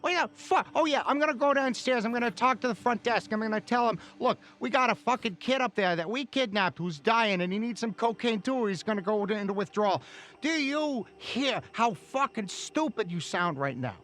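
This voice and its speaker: A man's voice: high voice, animated, a little fast, fairly bright tone, pitched above the performer's own voice. A man voicing an irritable male thug who curses and mocks his partner sarcastically. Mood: scornful. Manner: cursing, scornful, sarcastic.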